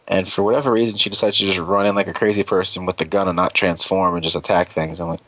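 A man with a deep, low voice recaps an episode in loose, rambling podcast chat, swearing freely and cracking jokes as he goes. The sound is dull and lo-fi, dry and close with no room to it. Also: steady tone, quick pace, fairly bright tone, no room sound. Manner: rambling, profane, joking. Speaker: podcast host.

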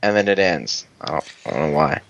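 A man's voice: low-pitched, big pitch swings, fairly quick, vocal fry, fairly bright tone, no echo, muffled recording. A man chatting casually on a podcast, recapping a TV episode in a rambling way, acting out characters' lines and swearing freely. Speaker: podcast co-host.

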